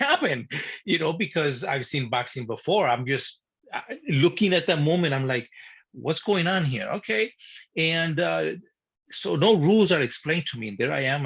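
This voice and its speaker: A man telling a personal story in an interview, animated and blunt, acting out his younger self and swearing at times. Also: mid-range voice. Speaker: guest. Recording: dull lo-fi sound.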